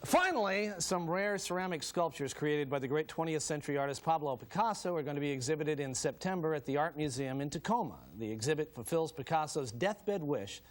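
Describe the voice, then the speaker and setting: A man delivering deadpan comedy news headlines as a sketch show anchor. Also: fairly high pitch, fairly quick, hardly any pauses. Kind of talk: mock news report before a studio audience. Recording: broadcast TV with loud studio audience and noise.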